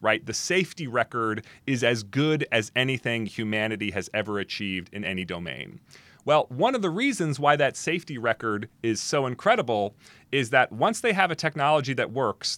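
A man answering as the guest expert in a podcast interview, talking in an animated, emphatic way with quick restarts and asides. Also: medium pitch, no echo.

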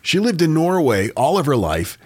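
A man co-hosting a casual podcast, walking a listener through strange facts like a storyteller. His pitch moves a lot, rising and dipping as he talks. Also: sing-song, moderate pace, a little mellow, breathy edge. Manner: storytelling, presenting odd facts. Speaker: podcast co-host. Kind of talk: casual chat.

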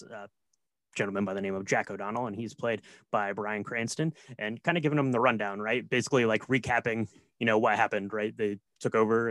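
A man's voice: medium pitch, no room sound. Rambling man recapping a movie, dry sound. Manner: rambling, filler-heavy, many restarts. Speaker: podcast co-host. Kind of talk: casual movie recap chat.

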